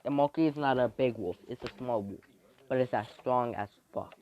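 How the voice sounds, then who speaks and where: A man spins an improvised fan-fiction story, wandering through it with many ums and false starts. He has a mid-range voice and a moderate pace, and the audio is dull and lo-fi.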